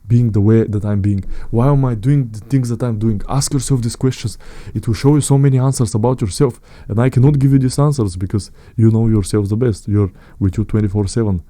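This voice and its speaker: A man's voice: mid-range voice, warm tone, dry recording. A man, talking to his viewers in a blunt, earnest way about self-improvement, often repeating phrases and calling them guys. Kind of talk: direct-to-camera motivational talk.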